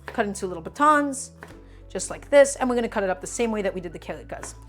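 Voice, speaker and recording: A woman with a mid-range voice and lively intonation hosts a live cooking stream from her home kitchen, talking quickly over faint music. She chops vegetables while chatting enthusiastically and repetitively, addressing viewers as friends.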